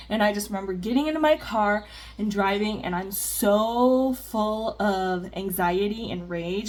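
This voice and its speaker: A woman's voice: mid-range voice, fairly even intonation, unhurried. A woman chatting candidly in a get-ready-with-me vlog, rambling with plenty of fillers while doing her makeup at home. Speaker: vlogger. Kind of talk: casual get-ready-with-me chat.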